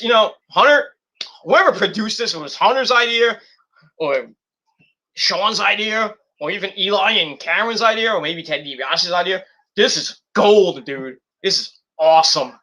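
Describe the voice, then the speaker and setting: A high-pitched man talks at normal speed through a casual vlog recap of a wrestling show, lively and foul-mouthed as he reenacts people's remarks.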